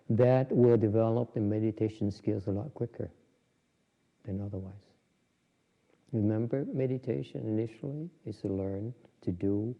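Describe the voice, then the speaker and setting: A man giving an informal, joking dharma talk on meditation, with many restarts. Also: on the low side. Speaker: Buddhist meditation teacher. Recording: dull lo-fi recording in a reverberant hall.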